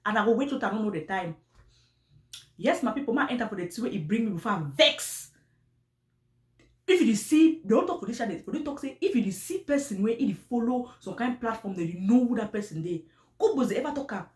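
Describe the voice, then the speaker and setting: Animated woman with Cameroonian Pidgin English accent. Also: on the high side, fast talker, reverberant. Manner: animated, repetitive, with pidgin phrasing and frequent restarts. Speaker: commentary vlogger. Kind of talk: casual commentary on online personalities.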